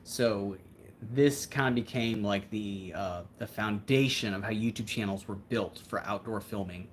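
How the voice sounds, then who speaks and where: Low-voiced man in casual chat. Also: a little slow, slight background noise. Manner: rambling, reflective, conversational. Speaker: livestream host.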